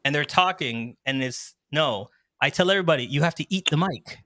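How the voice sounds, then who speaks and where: A man hosting a casual show, talking in an animated, joking way and laughing often, on a close handheld microphone. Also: a little high, a little fast, dry recording. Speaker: host and wedding MC. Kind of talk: casual talk show chat.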